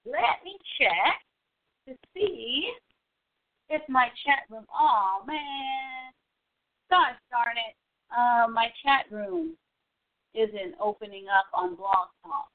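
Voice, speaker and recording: A woman's voice: sits high, lively intonation, slow, long pauses. A woman talk show host telling a funny work story in a chatty way, laughing at herself. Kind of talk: casual storytelling. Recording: tinny phone line.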